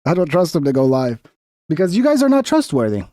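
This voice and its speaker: Guy with a high voice mocking clips, swears a lot, dry close sound. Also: huge pitch swings, quick pace, dark tone, no echo. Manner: mocking, profane, combative. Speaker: commentary streamer. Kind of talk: reacting to clips, casual commentary.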